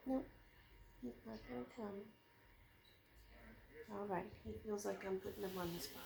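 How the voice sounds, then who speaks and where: A woman hosting a home vlog channel, chatting casually and softly coaxing her kittens indoors. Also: mid-range voice, creaky, a crowd in the background. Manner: soft, coaxing, slow-paced talk.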